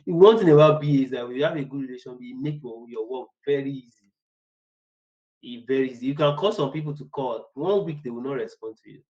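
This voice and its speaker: A man's voice: medium pitch, a little mellow, lo-fi sound. A man teaching business analysis in a casual, rambling way. He repeats words and acts out short workplace exchanges. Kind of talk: casual online lecture.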